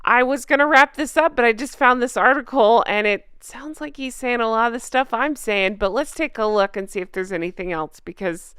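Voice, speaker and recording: A woman's voice: on the high side, fairly quick, few pauses, a bit bright, smooth, no echo, clean studio sound. A woman hosting a casual commentary vlog, sarcastic and gossipy, laughing often and reading articles aloud. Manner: reads news articles aloud. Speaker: royal commentary channel host.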